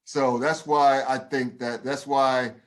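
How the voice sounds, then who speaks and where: A man's voice: mid-range voice, level tone, takes it slowly. A man co-hosting a casual podcast, talking bluntly and emphatically, swearing freely and restarting his sentences. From United States. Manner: profane, emphatic, with many restarts. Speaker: podcast co-host. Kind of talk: casual opinion chat.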